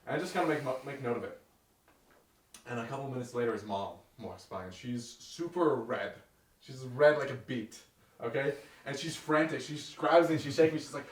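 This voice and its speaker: A man's voice: medium pitch, a little fast. A man telling a comic dream story at a live poetry night, rambling with lots of fillers and laughing as he goes. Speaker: open mic storyteller.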